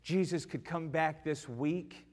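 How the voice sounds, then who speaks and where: A male pastor preaching a sermon, swinging from quiet, hushed lines to loud, impassioned peaks. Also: a little high, takes it slowly. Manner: rises to loud impassioned preaching, then drops soft. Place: church sanctuary. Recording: long church hall reverb.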